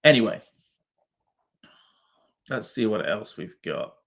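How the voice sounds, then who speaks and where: A man's voice: on the low side, big pitch swings, slow pace, gravelly, fairly bright tone. A man hosting a live stream, reacting to chat comments in a casual, swearing, laughing way. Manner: swears freely, laughs often, talks to comments.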